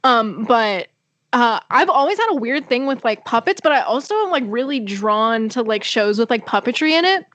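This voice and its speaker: A young woman co-hosting a podcast in casual chat, reacting with quick interjections and easy laughter. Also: fairly high pitch, animated, fairly bright tone, no room sound. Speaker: podcast co-host.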